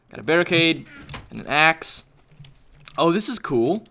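A young man narrating a video game as he plays, excitable and jokey, often shouting. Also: fairly high pitch, measured pace, gravelly. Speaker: gaming YouTuber.

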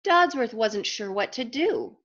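A woman's voice: fairly high pitch, lively intonation, unhurried, a bit bright. Children's book reader, woman, playful asides to kids; muffled recording. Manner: playful, questions to young listeners. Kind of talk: reading a picture book aloud with asides to children.

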